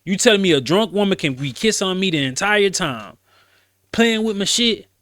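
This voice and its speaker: A man's voice: sits high, animated, normal speed, fairly bright tone, no echo, clean studio sound. A man hosting a casual commentary show, talking bluntly and emphatically in slang, often repeating words as he rants. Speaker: commentary host.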